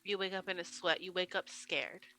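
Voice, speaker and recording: A woman narrating as game master of a tabletop role-playing game, telling the scene slowly and gently. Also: fairly low pitch, fairly even intonation, poor audio.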